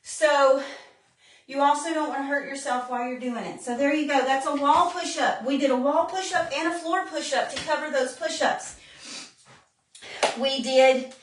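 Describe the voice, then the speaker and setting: A woman's voice: high voice, normal speed. A woman fitness instructor demonstrating modified exercises live, out of breath as she coaches and counts reps. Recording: roomy, distant phone-camera sound.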